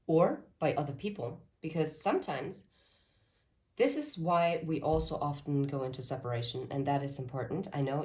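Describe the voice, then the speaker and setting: A woman with a low-pitched, slightly mellow voice reads tarot cards to camera for her viewers. She speaks earnestly about messages from spirit in this channeled reading, drifting into rambling asides.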